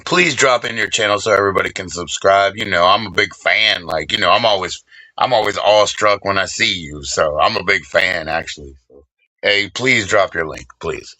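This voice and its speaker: A man streaming live, rambling and swearing casually while he shouts out viewers by name. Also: low-pitched, normal speed, dry recording, low-quality recording.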